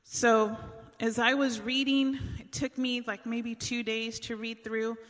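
A woman's voice: fairly high pitch, level tone, slow, fairly bright tone, long reverb tail. A woman giving a casual sermon, retelling Bible stories in chatty everyday language. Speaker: speaker giving a Bible teaching.

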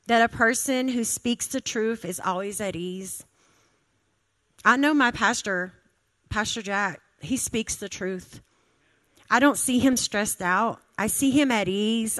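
Slightly high and a bit bright, this woman's voice carries an informal sermon; she is a church speaker in her thirties who talks conversationally and repeats phrases to stress her points.

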